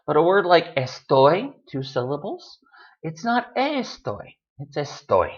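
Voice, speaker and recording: A man teaching a language lesson, patiently explaining and slowly repeating example words for emphasis. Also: medium pitch, a bit bright. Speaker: Spanish tutor. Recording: dull lo-fi audio.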